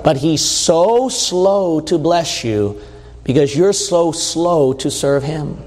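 High-pitched guy preaching in a church, emphatic, repeats himself a lot, big echoey hall. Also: slow pace, darkish tone. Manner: emphatic, repeats points, conversational asides. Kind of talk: sermon. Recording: long hall reverb.

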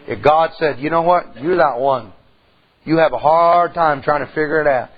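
Husky, folksy preacher man. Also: on the high side, moderate pace, lo-fi sound. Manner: folksy, conversational preaching, storytelling. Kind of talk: sermon with personal story. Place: church.

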